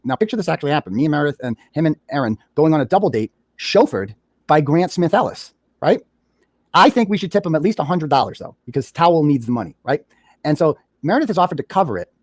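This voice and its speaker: A man's voice: fairly high pitch, no echo, clean studio sound. A man sarcastically retelling a text exchange in a casual recap, with a mocking manner. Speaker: commentator reading his own text messages.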